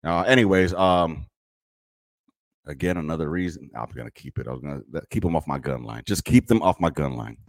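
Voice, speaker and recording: A man's voice: a bass voice, brisk, creaky, no echo. A man hosting a podcast, talking bluntly and profanely about military life while reacting to clips. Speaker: podcast host; military veteran. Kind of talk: casual commentary on clips.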